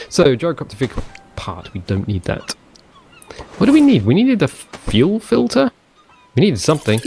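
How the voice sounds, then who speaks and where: A man's voice: mid-range voice, vocal fry, darkish tone, slight background noise. A man casually commenting on his own gameplay, chatty and rambling, talking to himself as he goes. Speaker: gaming channel host. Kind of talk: casual let's play commentary.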